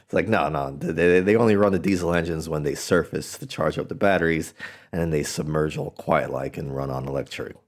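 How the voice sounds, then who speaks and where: A man's voice: very deep voice, fairly quick. A man hosting a podcast, explaining at length in a blunt, wry way with sarcastic asides. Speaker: podcast host. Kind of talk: explanatory monologue.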